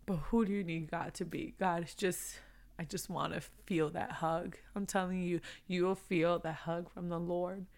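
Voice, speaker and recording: A woman's voice: fairly low pitch, fairly even intonation, moderate pace, a little mellow. Earnest woman giving a devotional talk. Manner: earnest and repetitive, building in intensity. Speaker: devotional speaker.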